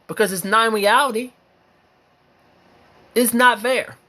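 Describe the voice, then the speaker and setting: An American vlogger with a very high-pitched, bright, forceful voice delivers an impassioned opinion monologue. He speaks unhurriedly with long pauses, emphatic and repetitive, hammering his points home with repeated phrases and swearing.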